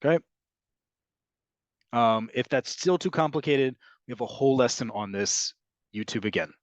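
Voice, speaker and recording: A Hebrew teacher with an expressive, mid-range voice and a normal pace explains material and fields questions in an online class with patience. He leans on fillers and regularly asks "right?" There's no echo, just dull, dry, lo-fi audio.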